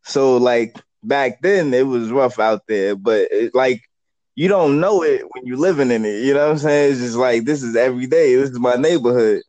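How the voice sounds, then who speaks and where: A man's voice: medium pitch, normal speed, a little mellow, no room sound. A man, a podcast guest chatting casually and telling rambling stories. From New York. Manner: laid-back, rambling storyteller.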